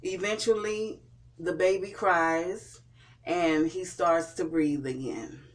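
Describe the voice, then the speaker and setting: This TV show reviewer talks slowly in a high-sitting male voice. He casually recaps and reviews an episode, frequently repeating himself and starting his words over.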